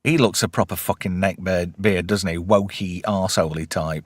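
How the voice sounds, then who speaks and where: A man hosting a casual podcast chat, animated and swearing freely as he recaps episodes. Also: low-pitched, normal speed, no echo, studio quality. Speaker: podcast host.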